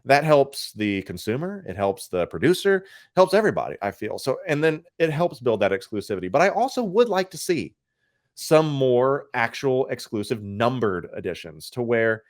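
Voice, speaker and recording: Animated, opinionated man in casual chat. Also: normal speed, no echo, clean studio sound. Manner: opinionated, animated, swings his pitch up and down.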